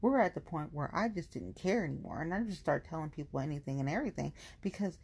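A woman's voice: low voice, animated, fast talker, darkish tone, breathy edge. A woman in a casual venting monologue, blunt and profane, repeating lines for emphasis.

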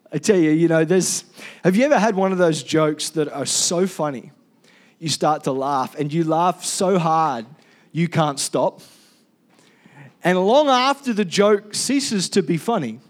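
A man preaching a sermon as pastor, animated and calling on the congregation to respond. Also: high-pitched.

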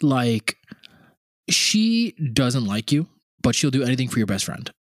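A man's voice: mid-range voice, very animated, a little slow, no room sound. Rambling man on a dry, close mic. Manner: rambling, full of "like" and acted-out quotes. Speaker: podcast co-host. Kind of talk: casual comedic chat.

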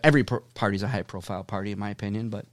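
A man hosting a podcast, telling a profane, animated story in casual chat at his mixer board. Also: on the low side, very fast. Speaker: podcast host. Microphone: studio mic at a mixer board.

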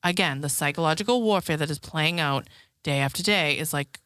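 A woman's voice: deep voice, fairly quick, a bit bright, clean tone, dry recording, studio quality. A woman in her thirties hosting a podcast, telling frank, profane stories about home life and acting out what people said. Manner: frank and profane, acts out quotes. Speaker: podcast host. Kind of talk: casual storytelling chat.

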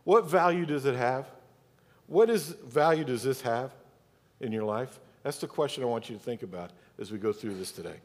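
A man's voice: medium pitch, lively intonation, moderate pace, a little mellow. A man preaching a Sunday sermon as pastor, emphatic and speaking directly to his congregation in a church. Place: church sanctuary. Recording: long church hall reverb.

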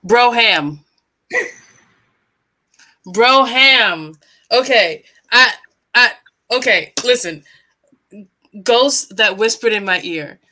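A woman interviewer whose voice is bright and sharp and pitched a little high. She reacts in a gushing, excitable way, and faint noise hisses in the background. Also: very slow, long pauses. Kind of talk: casual interview.

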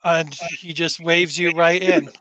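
Brief: male game master, rambling narration, bright tone, dry sound. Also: fairly high pitch, fairly even intonation, slow, no echo, dull audio. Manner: rambling, with many fillers and restarts.

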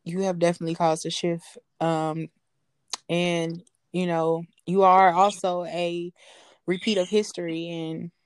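Woman podcast co-host, low and dry, loose filler-heavy chat. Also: little pitch movement, unhurried, clear, resonant tone, no room sound. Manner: chatty, trails off with fillers and self-corrections. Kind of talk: casual chat.

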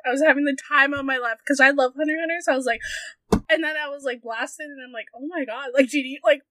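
A woman's voice: high-pitched, quick pace, no echo. A young woman telling a convention party story in casual podcast chat, giggling often and filling her talk with "like". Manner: giggly, animated storytelling with many fillers.

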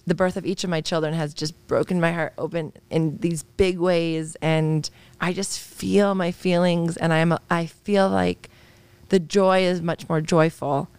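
A woman's voice: low-pitched, clear, resonant tone, no echo. A woman in her thirties, a psychologist guest on a podcast, talking earnestly and openly in a candid interview. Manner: earnest, open and reflective, with soft laughs.

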